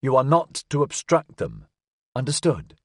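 A man's voice: mid-range voice, wildly swooping pitch, measured pace, husky, no room sound, clean studio sound, full character voice. A man voicing a wounded, decisive woman agent with a clipped, commanding manner.

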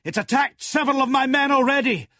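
A man doing a fanatical shouting church leader. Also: very high-pitched, quick pace, no room sound, studio quality, voice pushed up. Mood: commanding. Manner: barking orders, urgent. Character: fanatical male church president, commanding.

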